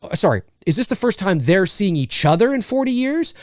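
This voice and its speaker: In a relaxed, off-the-cuff film review, a man often starts his sentences over mid-thought. He pitches a bit high for a man, moving animatedly over a wide range, and speaks slightly quickly. The sound is close-miked and dry, with no room sound.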